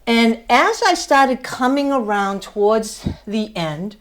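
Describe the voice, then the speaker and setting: A woman's voice: a little high, lively intonation, takes it slowly. An older woman giving a motivational speech to her class, telling a story with emphasis and laughing at herself. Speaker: student speaker.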